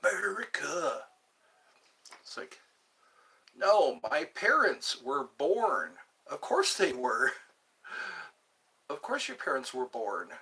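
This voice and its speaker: A man's voice: mid-range voice, wildly swooping pitch, slow pace, long pauses, pushed and bright. A man hosting a casual livestream, chatting playfully and reading out his viewers' comments. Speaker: livestream host. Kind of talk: casual live chat.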